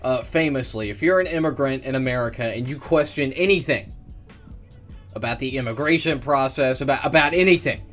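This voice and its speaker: A man's voice: medium pitch, a little fast, a bit bright, soft background music. A man hosting a reaction stream, cutting in with mocking, profane sarcasm.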